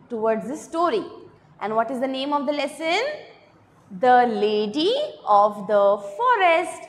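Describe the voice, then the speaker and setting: A woman's voice: high voice, a bit bright, in a large hall, slight background noise. A woman with an Indian English accent teaching young children, patiently spelling out words and asking the class questions.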